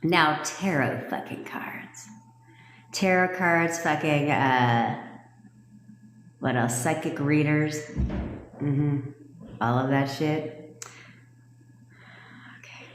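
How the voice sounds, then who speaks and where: A woman's voice: low voice, extremely slow, long pauses, slight background noise. A woman coaching manifestation on a phone livestream, ranting in a blunt, profane way. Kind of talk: livestream rant. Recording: echoey room with long reverb.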